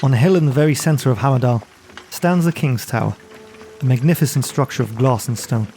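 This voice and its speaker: A man's voice: mid-range voice, brisk, warm tone, faint music behind. A man co-hosting a podcast, narrating a gamebook adventure in a storytelling manner. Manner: storytelling, light laughs between sections. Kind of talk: narrating a gamebook play-through.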